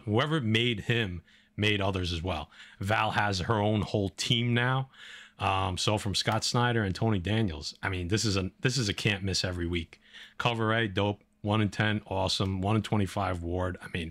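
A man's voice: deep voice, steady tone, normal speed, fairly bright tone. A man co-hosting a casual comic book podcast, talking in a laid-back, rambling way with plenty of fillers. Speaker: podcast co-host.

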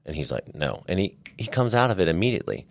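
A man's voice: deep voice, fast talker, dry recording. A man co-hosting a casual faith podcast, telling stories earnestly and with emphasis. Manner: earnest, animated storytelling with repeated emphasis. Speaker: podcast co-host, gym owner.

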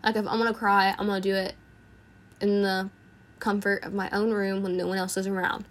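A teenage girl talks through a casual personal podcast monologue. She sounds earnest and reflective, with a voice of ordinary middle pitch, and her thoughts come out in short bursts. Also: little pitch movement, fairly quick. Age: teens. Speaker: podcast host.

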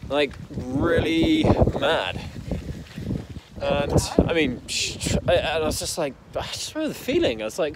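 A man's voice: fairly high pitch, big pitch swings, moderate pace, very noisy. A young man from the English Midlands telling his own backstory in a casual, rambling way, full of fillers and heated swearing. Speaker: entrepreneur telling his story. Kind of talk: casual personal storytelling.

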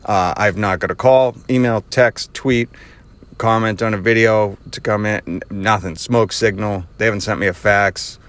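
A man's voice: on the low side, steady tone, moderate pace, fairly bright tone. A man hosting his own podcast, telling a casual story with a lot of sarcasm and frequent laughter, recorded while driving. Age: adult with children. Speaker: podcast host. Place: driving in a car.

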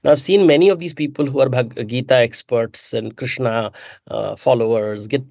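A man talks in an animated, emphatic way, firing off rhetorical questions and correcting himself mid-sentence. His voice sits in a middle range, and the recording is dry and close. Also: medium pitch, moderate pace, gravelly, no echo. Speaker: author and mythologist guest. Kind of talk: conversational interview answers.

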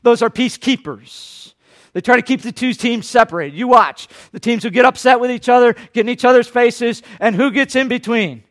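A man preaching a sermon, swinging between loud, urgent lines and hushed, quiet ones, and briefly acting out the people he quotes. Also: extremely high pitch, normal speed. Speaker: pastor.

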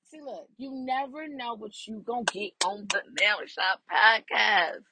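A woman's voice: on the high side, unhurried, background noise. A woman hosting her podcast while driving, chatting casually to her listeners. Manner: chatty, animated, addresses listeners as y'all. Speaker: podcast host. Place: in a car. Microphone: phone.

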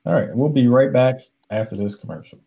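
A man hosting an interview, speaking in a measured way with hesitant "um"s and "you know"s. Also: medium pitch, lively intonation, vocal fry, heavy background noise. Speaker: podcast host. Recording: dull lo-fi sound.

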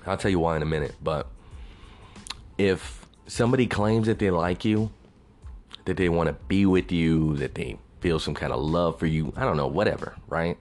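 A young man from Texas rants into the camera in a deep, low voice. He is blunt and crude, swearing freely as he vents. Faint music plays quietly underneath. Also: moderate pace. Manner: profane, ranting, blunt. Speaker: vlogger. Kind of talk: casual venting monologue.

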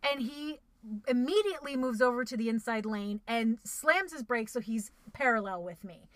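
Bright-voiced, animated woman telling a story. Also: on the high side, moderate pace, no room sound. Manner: animated, profane, acts out her own quotes. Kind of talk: casual chat, storytelling.

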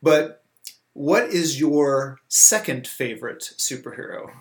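A man's voice: a little high, lively intonation, slow. A man hosting a podcast interview, affirming his guest and wrapping up with thanks. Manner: affirming, wraps up with scripted thanks. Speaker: podcast host. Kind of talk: interview conversation.

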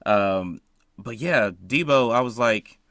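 A young man hosting a casual podcast chat, telling his reactions in an animated way. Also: mid-range voice, takes it slowly, no echo, studio quality. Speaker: podcast host.

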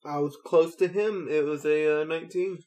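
A man playing a tabletop game, playful and quick to laugh and swear. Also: on the high side, steady tone, over loud music, rough recording. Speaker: player.

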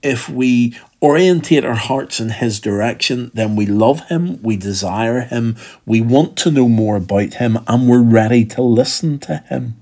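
A man preaches a sermon in a mid-range, somewhat dark voice at a measured pace with hardly any pauses. Conversational in manner, he explains a text step by step and sometimes acts out what a speaker might have said.

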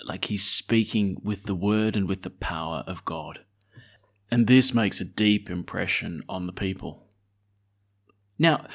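A man, probably a priest, giving a conversational gospel reflection, full of rhetorical questions and casual asides. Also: lowish voice.

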